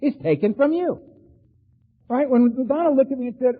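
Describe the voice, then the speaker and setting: A man with a fairly high voice tells stories in an animated recovery talk, dropping in "right?" and "man" as he goes. The sound is narrow and tinny, like it came through a phone line. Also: brisk. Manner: animated, keeps tagging lines with "right?" and "man". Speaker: recovery meeting speaker.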